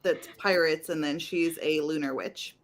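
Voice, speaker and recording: A woman's voice: low voice, fairly even intonation, measured pace. A woman chatting casually with friends in an online book club, enthusiastic about recommendations. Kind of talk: casual group video chat.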